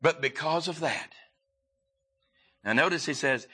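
A man preaching a sermon, halting and restarting often, then rising to stress his points. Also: fairly high pitch, pushed and bright, breathy edge.

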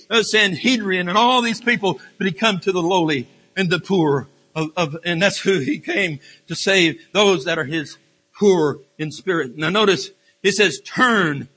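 A man preaches a sermon in a high, bright, husky voice. He speaks with fervor but often stumbles and restarts his phrases. His voice rings out with a long echo through a church hall. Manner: impassioned, halting with repeated restarts and fillers. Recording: reverberant hall.

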